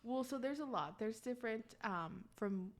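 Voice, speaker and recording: A woman's voice: a little high, lively intonation, moderate pace. Chatty woman co-host listing cryptids. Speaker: podcast co-host. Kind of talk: casual chat.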